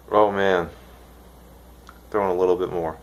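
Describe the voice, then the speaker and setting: A young man from the United States rambling excitedly in a casual vlog, swearing now and then. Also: low voice. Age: young adult. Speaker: vlogger reviewing dip.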